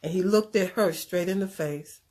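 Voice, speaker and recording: Woman telling a story, animated and earnest. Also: fairly low pitch, normal speed. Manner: animated, acts out voices, preachy asides. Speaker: speaker sharing a personal story. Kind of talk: conversational storytelling talk. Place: Chicago area.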